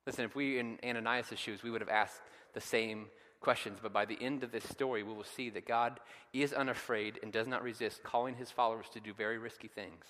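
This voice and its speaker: A man preaching a sermon with a bright, forceful edge to his voice, retelling scripture dramatically and building to loud, emphatic peaks. His voice carries a long reverb, as if filling a big church sanctuary. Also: medium pitch, fairly even intonation, brisk, hardly any pauses. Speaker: pastor.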